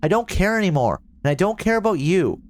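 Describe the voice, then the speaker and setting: A man voicing a bitter, furious teenage boy who shouts curses at someone he wants gone. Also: fairly low pitch, expressive, fast talker, natural voice. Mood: angry.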